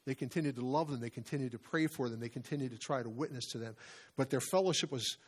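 A man's voice: medium pitch, fast, husky. Man preaching a conversational sermon. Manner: conversational, with frequent restarts and asides. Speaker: pastor.

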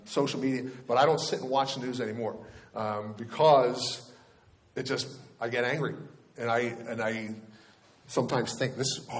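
A middle-aged male pastor preaching a conversational sermon, with casual asides and questions to the congregation. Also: medium pitch.

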